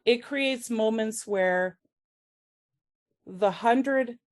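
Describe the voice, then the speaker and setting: Her voice sits on the high side as this woman, a faculty member, speaks emotionally about something personal at a conference. She is tearful, stopping and restarting many times in the conference room.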